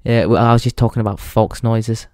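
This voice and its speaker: Crude rambling English podcaster. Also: male voice, fairly low pitch, steady tone, fairly quick, darkish tone, no room sound, studio quality. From England. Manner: crude, rambling, laughs at his own jokes. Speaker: podcast host. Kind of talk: casual comedic monologue.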